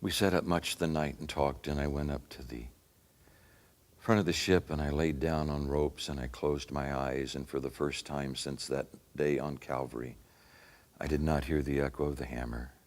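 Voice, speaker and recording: Deep low voice, man acting as a haunted Roman centurion, earnest, solemn monologue. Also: steady tone, normal speed. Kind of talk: dramatic first-person monologue.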